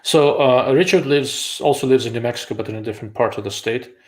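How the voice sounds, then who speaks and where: A man's voice: mid-range voice, quick pace. A man from Russia, hosting a casual live-stream chat over a video call and cracking dry, blunt jokes. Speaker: host of a live show on rifle optics.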